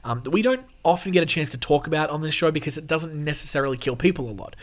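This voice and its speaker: On his own show, a man with a high-side, animated voice talks fast as he reads animal news stories. His casual, irreverent jokes come often, and so does his laughter.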